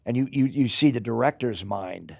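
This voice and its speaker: An older male actor talks through his memories in a loose, animated way, trailing off and circling back. His voice has a gravelly rasp at a middling pitch. The sound is close and dry. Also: moderate pace, no echo. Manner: animated, rambling storyteller. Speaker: actor guest. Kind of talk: casual interview chat.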